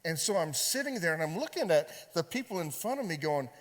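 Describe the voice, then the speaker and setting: A man preaching as a pastor, telling a personal story in a conversational, halting way with many fillers and repeated words. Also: fairly high pitch, very animated. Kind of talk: sermon storytelling. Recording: long hall reverb.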